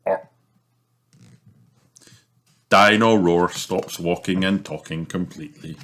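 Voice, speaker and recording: A man narrating a children's storybook aloud in a slow, expressive reading. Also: deep voice. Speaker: children's book reader.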